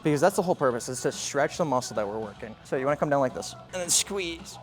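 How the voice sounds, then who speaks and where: A young man hosting a mock fitness tutorial in a gym, talking in quick deadpan, mock-serious patter. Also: a little high. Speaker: fitness parody host. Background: background music.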